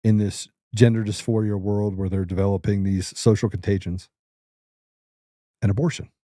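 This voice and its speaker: A man's voice: lowish voice, level tone, moderate pace, warm tone, no echo, studio quality. A middle-aged man hosting political commentary, blunt, combative and emphatic. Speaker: host.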